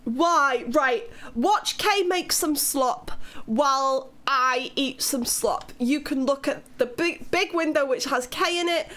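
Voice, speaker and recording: High-voiced Welsh woman streamer, unhurried. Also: fairly bright tone. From Wales. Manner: playful, teasing, swears freely. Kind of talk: casual live-stream chat with viewers.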